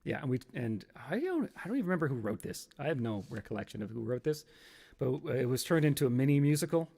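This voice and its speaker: A man's voice: medium pitch, sing-song, fast talker, warm tone. A man in his fifties hosting a casual solo stream, rambling and nostalgic, now and then acting out an old sketch in silly voices. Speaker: podcast host.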